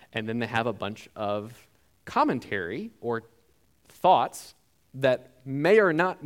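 Male pastor, conversational sermon delivery, lively pitch, mid-range voice. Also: clean tone. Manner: conversational, animated, frequent filler words.

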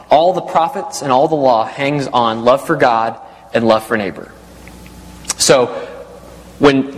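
A man preaching an expository sermon, reading scripture aloud and repeating key phrases as he explains them. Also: mid-range voice. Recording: long reverb in a large hall.

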